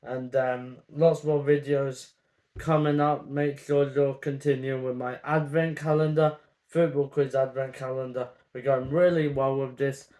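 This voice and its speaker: A man's voice: mid-range voice, little pitch movement, a little slow, mellow. A man, grading football merchandise in a chatty, opinionated vlog full of ums. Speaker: football vlogger. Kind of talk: casual grading commentary to camera.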